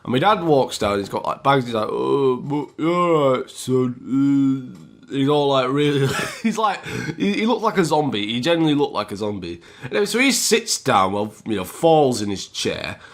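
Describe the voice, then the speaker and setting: A man's voice: medium pitch, sing-song, a little fast. A man with a British accent telling a story to his viewers in a chatty vlog style, often calling them guys. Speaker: YouTuber.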